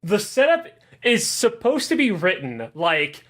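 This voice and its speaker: A man co-hosting a podcast in casual chat, rambling through a profane, animated recap. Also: high-pitched, a little slow. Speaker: podcast co-host.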